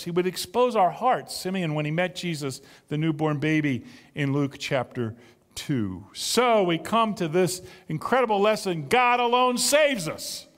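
A male pastor preaching a sermon with drama, dropping to a hush and then building loud. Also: sits high. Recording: long reverb of a large hall.

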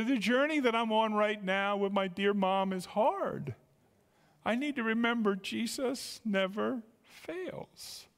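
Male pastor preaching in a church, high voice, big swoops up and down, hall echo. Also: gravelly. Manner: emphatic preaching, repeats words, animated rises. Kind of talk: sermon. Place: church sanctuary.

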